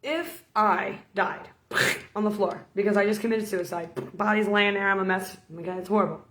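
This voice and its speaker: A woman's voice: medium pitch, normal speed, a bit bright, echoey room, slight background noise. A woman preacher giving an informal sermon as a playful, storytelling talk. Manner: storytelling, playful, laughs between points.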